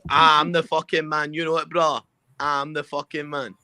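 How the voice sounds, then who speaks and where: A man with a Glaswegian Scottish accent, tipsy, taunting and swearing loudly as a rowdy guest on a comedy podcast. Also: fairly high pitch, level tone, moderate pace, slight background noise. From Scotland. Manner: brash, profane, taunting. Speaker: call-in guest.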